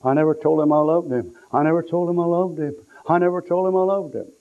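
A man's voice: on the high side, steady tone, fast, voice pushed up, close to an everyday voice. A man voicing a grieving sister who repeats her regret in a raised, lamenting voice, on a tinny lo-fi recording. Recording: tinny lo-fi tape.

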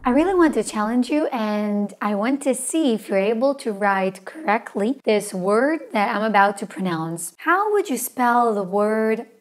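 A woman teaching a language lesson in scripted narration, slowly spelling out letters and words with care. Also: a little high, animated. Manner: slow, careful spelling out of letters.

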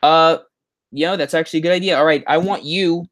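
A man's voice: a little high, fairly even intonation, fast, background noise. A man hosting a livestream on a headset, chatting casually and reading out viewer comments in a rambling way. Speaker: YouTube livestream host.

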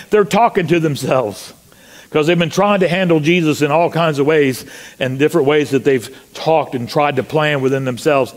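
A pastor preaching a sermon in a church. He asks the congregation rhetorical questions and rises to loud, high cries when he quotes scripture. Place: church sanctuary.

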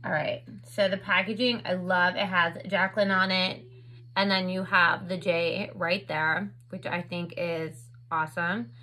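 A woman's voice: lowish voice, little pitch movement, a little slow, bright, forceful tone, poor audio. A woman in her thirties chatting casually at home while unboxing makeup for her vlog, full of "like" and "um". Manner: chatty, filler-heavy with lots of "like" and "um". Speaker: beauty vlogger. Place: home, indoors. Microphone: camera on a stand with ring light.

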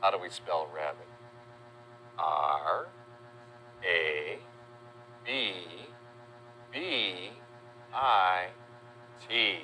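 Very slow, bright-voiced man teaching kids. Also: low-pitched, a little hiss or hum. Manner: spells words out letter by letter, friendly and deliberate. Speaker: children's teacher narrator. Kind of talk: children's educational narration. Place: voice-over.

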